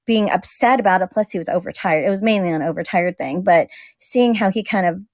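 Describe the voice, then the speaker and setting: Casting note: talkative mom, mid-pitched, dry close recording, laughs easily. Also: female voice, brisk, a little mellow, no echo. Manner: chatty, laughs often, acts out quoted dialogue. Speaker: guest; single mother. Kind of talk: casual conversation.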